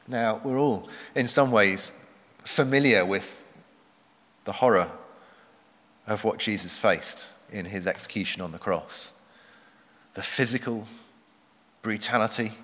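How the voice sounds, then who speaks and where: A man preaching a sermon, earnest and measured, slowing down for emphasis. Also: on the low side, pushed and bright. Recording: long hall reverb.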